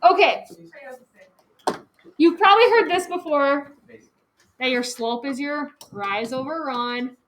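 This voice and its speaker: A woman's voice: sits high, animated, slow pace, pauses often. A woman teaching a class, chatty and casual, filling her talk with "like" and "okay". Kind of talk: classroom lecture. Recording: echoey classroom, faint noise.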